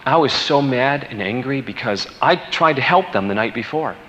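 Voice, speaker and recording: A man telling a personal story in an animated way, rushing through exciting moments and dropping low and quiet at grave ones. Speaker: guest speaker telling a story. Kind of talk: storytelling from a played recording. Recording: dull, echoey played recording with faint noise.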